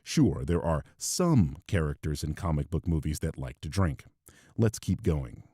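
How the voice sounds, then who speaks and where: A man's voice: rumbling low, expressive, unhurried, mellow, husky, no echo, clean studio sound. A man delivering scripted video commentary in a sarcastic, mocking tone.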